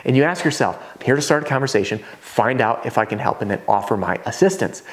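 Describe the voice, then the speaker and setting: A man teaching roofing sales at a whiteboard in a casual, energetic way, now and then acting out homeowners' voices. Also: medium pitch, fast talker. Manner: casual, conversational teaching with asides.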